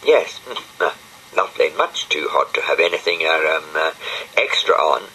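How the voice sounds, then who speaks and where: Man doing a storybook dog: grumpy, pompous, bright-edged and lively in pitch. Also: moderate pace, a little hiss or hum, exaggerated voice, low-quality recording. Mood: evasive. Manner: huffy, pompous, scolding. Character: grumpy pompous male dog with Scottish pride.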